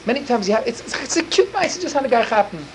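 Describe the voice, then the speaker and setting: Fast-talking man telling a story with inflection. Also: very high-pitched, very animated, slight background noise, low-quality recording. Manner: rapid, breathless, full of Yiddish and Hebrew words. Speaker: storyteller for children. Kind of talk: animated storytelling.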